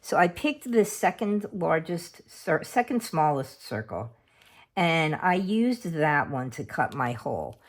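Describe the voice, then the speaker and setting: A middle-aged woman walks through a craft project at home in a low, deep-set voice. She talks in a slow, easy way, chatty and homely, narrating each step while her hands stay busy. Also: very animated. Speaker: craft video host. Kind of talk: casual craft tutorial.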